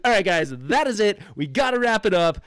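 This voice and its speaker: A man's voice: sits high, very animated, brisk, a bit bright, clean tone. A man hosting a casual livestream, joking and rambling as he wraps up with his viewers. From United States. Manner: jokey, rambling, does goofy put-on voices. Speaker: livestream host.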